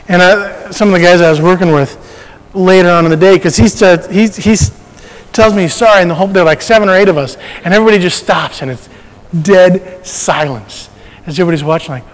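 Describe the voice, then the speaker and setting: A man's voice: sits high, fast talker, big-room sound, poor audio. A man sharing a personal faith testimony in a conversational storytelling way, often restarting his sentences.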